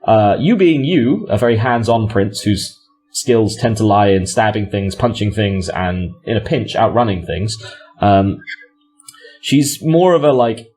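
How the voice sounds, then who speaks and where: A man's voice: on the low side, a little mellow. A man narrating as game master, rambling with fillers and self-corrections.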